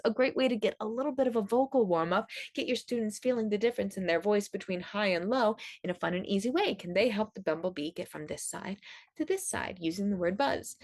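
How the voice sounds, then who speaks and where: A woman's voice: medium pitch, creaky, darkish tone, no echo. A woman music teacher, upbeat and enthusiastic, explaining classroom activities to other teachers.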